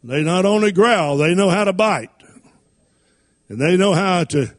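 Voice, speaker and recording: A man's voice: high-pitched, lively intonation, measured pace. A man preaching a sermon, reading King James scripture and using folksy everyday stories.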